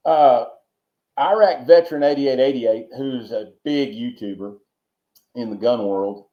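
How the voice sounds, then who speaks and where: Unhurried and mid-range, a man from Georgia rambles through long stories as a guest on a casual podcast interview, frequently repeating himself and slipping in folksy remarks. The audio sounds roomy, dull, and lo-fi.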